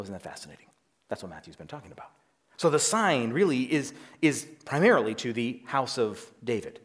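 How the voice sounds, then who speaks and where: Lively male pastor preaching. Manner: animated, acts out quoted voices in his telling; drops to a quiet, low tone for emphasis. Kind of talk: sermon.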